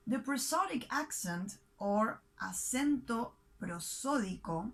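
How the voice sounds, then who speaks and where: A woman with an Argentine accent who teaches a language lesson in a scripted way, speaking slowly and clearly and repeating example words for learners. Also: fairly high pitch, poor audio. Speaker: Spanish teacher.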